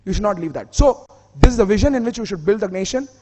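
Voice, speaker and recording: Indian-accented man, high voice, conference speaker, emphatic and repetitive, hall echo. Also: animated, fast, background noise. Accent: Indian English. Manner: emphatic, repeats key phrases. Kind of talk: motivational conference speech. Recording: reverberant hall.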